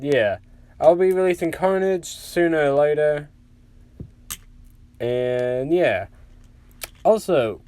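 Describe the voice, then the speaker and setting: A man's voice: on the high side, mellow. Rambling young man telling a story. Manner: rambling, full of "like" fillers. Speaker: fan-fiction narrator. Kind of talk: casual storytelling.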